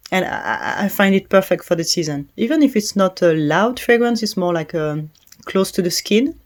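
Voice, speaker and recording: A woman with a French accent, a native French speaker, giving a casual, chatty perfume review with frequent hesitations and little laughs. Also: on the low side. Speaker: fragrance reviewer.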